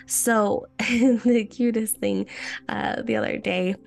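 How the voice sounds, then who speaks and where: A woman's voice: on the high side, fairly even intonation, slow pace, creaky. A woman hosting a podcast, in a casual teaching chat with her listeners, often restarting her sentences. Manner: chatty, talks straight to listeners; frequent restarts and fillers. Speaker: podcast host.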